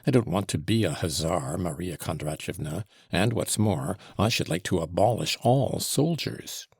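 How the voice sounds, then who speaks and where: A man's voice: sits low, lively intonation, normal speed, vocal fry, husky, dry recording, studio quality, exaggerated voice. A man reading a sneering, conceited manservant. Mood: contemptuous. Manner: sneering, self-important lecturing. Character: scornful young male servant, conceited and bitter. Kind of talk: audiobook character reading.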